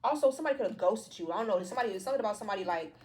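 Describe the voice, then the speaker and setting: Woman tarot reader, casual, cussing and joking, talks fast. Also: medium pitch, expressive, a little mellow, a little hiss or hum. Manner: slangy, profane, playful. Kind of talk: casual tarot reading to viewers.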